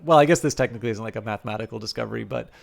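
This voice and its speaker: A man's voice: on the low side, very fast, vocal fry. Man thinking aloud over a strategy game. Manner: thinks aloud with frequent fillers and restarts, self-amused. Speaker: game streamer. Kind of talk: live strategy game commentary.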